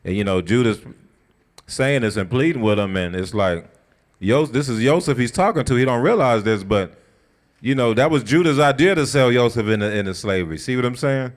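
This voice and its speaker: A man leading a scripture study, retelling the story in a colloquial, conversational and animated way. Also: mid-range voice, a little fast. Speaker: Bible study teacher. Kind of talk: casual sermon-style scripture teaching.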